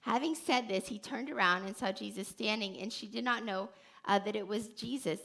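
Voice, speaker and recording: Brief: female podcast host giving faith teaching, earnest and animated, bright tone with a fry edge. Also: medium pitch, moderate pace. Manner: earnest, animated storytelling with many restarts.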